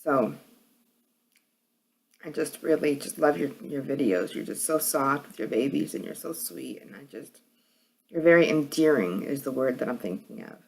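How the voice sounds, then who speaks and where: A woman's voice: rumbling low, expressive, normal speed, gravelly, a little mellow, breathy edge. A woman with a New York accent chatting casually as a vlogger, with a hard, edgy voice and a rambling way of talking. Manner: rambling, many fillers and restarts. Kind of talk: casual chat.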